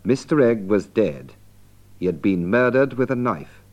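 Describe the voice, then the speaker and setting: A man giving slow, deliberate scripted narration for language learners. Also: on the low side, expressive, a little mellow.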